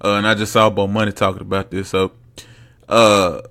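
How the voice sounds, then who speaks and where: A man's voice: fairly low pitch, level tone, normal speed. Slangy young man ranting on a podcast. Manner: blunt, slangy and mocking, swings loud and soft. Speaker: podcast host. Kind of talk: casual solo sports podcast rant.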